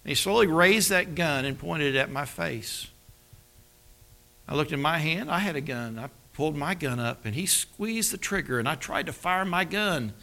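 A man preaching a sermon, telling his own story and acting out the dialogue, dropping to a hush at tense moments. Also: a little high, lively intonation, normal speed. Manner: storytelling, acts out dialogue with dramatic drops to a hush. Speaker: pastor. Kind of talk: sermon with personal testimony.

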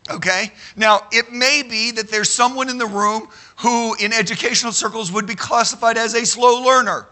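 A man teaching a sermon to a live audience, animated and emphatic, checking in with the room with frequent "okay?" and at times shouting a phrase for emphasis. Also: very high-pitched, moderate pace. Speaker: Bible teacher.

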